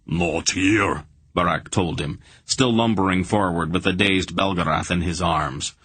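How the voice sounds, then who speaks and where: A man narrating a fantasy audiobook in a steady, measured storytelling manner. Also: low-pitched, husky, no room sound.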